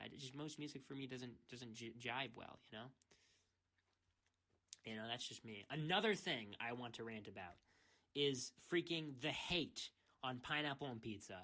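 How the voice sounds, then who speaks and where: Bright-voiced young man ranting casually. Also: medium pitch. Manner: rambling, repetitive "freaking", restarts. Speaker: streamer. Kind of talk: casual rant.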